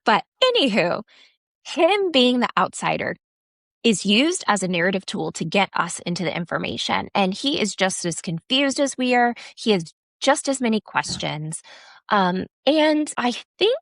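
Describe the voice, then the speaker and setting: Woman co-host, mid pitch, thoughtful and explanatory, dry recording. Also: sing-song, normal speed, fairly bright tone, no echo. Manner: thoughtful, explaining things at an easy pace. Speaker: podcast co-host. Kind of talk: casual book discussion.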